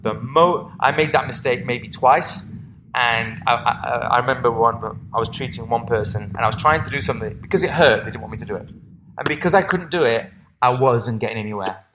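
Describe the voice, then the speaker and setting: Guy coaching athletes on a podcast, average pitch, rambly, keeps restarting sentences. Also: brisk, sharp tone, slight background noise. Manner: rambling, restarts often, quotes himself. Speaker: guest, strength and conditioning coach. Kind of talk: casual podcast conversation.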